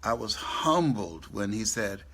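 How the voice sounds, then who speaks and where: A man's voice: fairly low pitch, big pitch swings, unhurried, fairly bright tone, husky. A man in his seventies giving a live motivational speech on stage, telling stories and laughing at his own jokes. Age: 70s. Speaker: motivational speaker. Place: on stage before a live audience.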